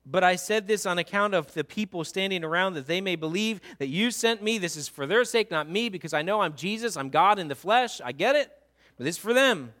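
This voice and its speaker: A man voicing a calm, confident male savior who speaks to his father in plain, earnest, everyday words. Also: sits high, fairly quick, pitched above the performer's own voice. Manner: plain, earnest, conversational paraphrase.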